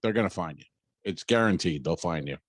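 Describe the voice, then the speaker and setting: A man's voice: low-pitched, a little fast, no echo. A man who is a comedian and podcast host, telling stories in a casual chat, swearing and acting out dialogue. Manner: animated storyteller, swearing, acts out dialogue.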